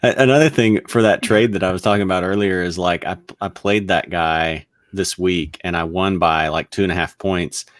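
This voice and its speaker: A hesitant man co-hosting a sports podcast who halts and restarts as he thinks. His voice sits very low, and it is recorded dry and close. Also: fairly even intonation, moderate pace, few pauses, dry recording. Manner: hesitant, many ums and restarts. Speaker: podcast co-host. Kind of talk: casual sports chat.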